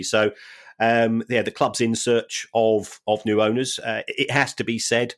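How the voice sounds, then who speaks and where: A man co-hosting a podcast, talking through football finances in a measured, wry way with frequent restarts. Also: medium pitch, flat delivery. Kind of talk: casual chat.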